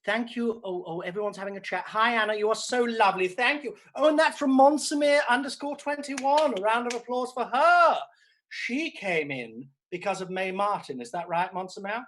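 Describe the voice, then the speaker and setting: A man's voice: high-pitched, lively intonation, fairly quick, few pauses, bright, forceful tone, voice pushed up, rough recording. A male comedian playing a vain, self-absorbed aging stage actress, hosting a streamed comedy show from home with camp, theatrical, sweary delivery. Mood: gushing. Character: vain grande dame actress, middle-aged woman, theatrical and self-absorbed. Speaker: comedian host. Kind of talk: live-streamed character comedy. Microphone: laptop or streaming mic.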